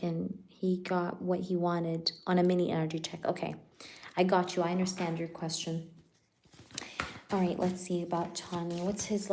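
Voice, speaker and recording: A woman with a slightly low voice runs a casual live tarot reading. She chats loosely with her viewers, laughing often and filling her speech with "like" and "you know." When she asks the spirits for cards, her voice drops softer. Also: background noise. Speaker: tarot reader hosting a live stream.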